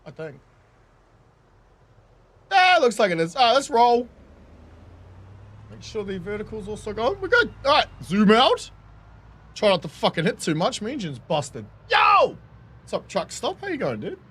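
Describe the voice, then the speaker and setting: Lively, swearing New gamer. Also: medium pitch, moderate pace, long pauses, husky. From New Zealand. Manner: swears freely, laughs often, chatty and joking. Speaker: game streamer. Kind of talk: casual gameplay commentary.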